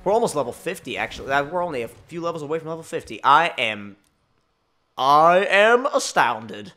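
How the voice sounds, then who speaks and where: A man giving excitable, jokey, rambling commentary while playing a racing game. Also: a little high, racing. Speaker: gaming channel host. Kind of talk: gameplay commentary.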